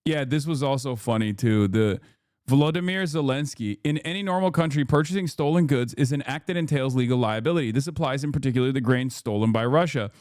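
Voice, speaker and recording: A man's voice: medium pitch, quick pace, a little mellow, no room sound, clean studio sound. A man in his thirties giving casual live-stream commentary on the news, ranting in a heated, sarcastic and profane way.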